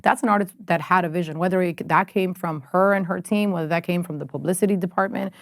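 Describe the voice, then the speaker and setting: A woman music executive as a podcast guest, telling animated stories in a casual chat with quick restarts. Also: fairly low pitch, no room sound, clean studio sound.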